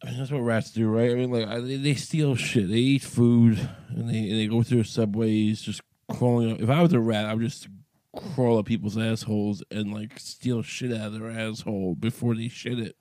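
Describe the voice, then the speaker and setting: A low, mellow male voice rambles through a profane solo podcast riff, cracky with morning roughness. He records in a small closet, and the sound is close and dry. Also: fairly even intonation, normal speed, dry recording. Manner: crude, profane, rambling comic riffing. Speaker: podcast host.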